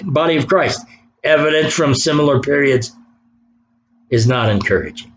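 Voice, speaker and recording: A man's voice: medium pitch, lively intonation, normal speed, slight background noise, poor audio. A man preaching an impassioned sermon, reading scripture aloud and pressing his points with rising fervor. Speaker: pastor.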